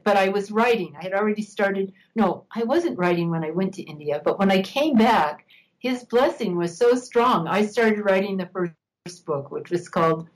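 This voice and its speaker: An older woman, an interview guest, telling a personal story in a reflective, unhurried way, laughing now and then. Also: medium pitch, animated, poor audio.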